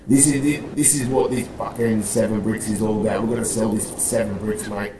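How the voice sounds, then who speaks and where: A man's voice: on the low side, fairly even intonation, brisk, reverberant, noisy background. A man playing a gang leader in a roleplay, rambling, swearing constantly and calling everyone mate. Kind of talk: in-character roleplay chat.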